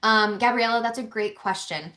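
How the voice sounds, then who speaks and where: A woman's voice: a little high, moderate pace, sharp tone. Woman trainer leading a live webinar lecture: conversational and loose, plenty of fillers and restarts. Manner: chatty, many ums and restarts.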